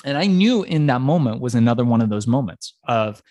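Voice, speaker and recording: Speaking at medium pitch and a slightly quick clip, this middle-aged man from Iran recounts his journey as a podcast guest. He's an animated storyteller who performs the characters he encountered, all in an interview-style chat. The recording is dry and studio-clean.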